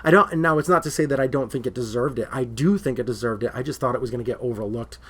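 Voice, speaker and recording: Male co-host, casual movie banter, rambling and excitable, mid-range voice. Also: mid-range voice, quick pace, breathy edge. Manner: rambling, excitable when retelling stories. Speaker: podcast co-host.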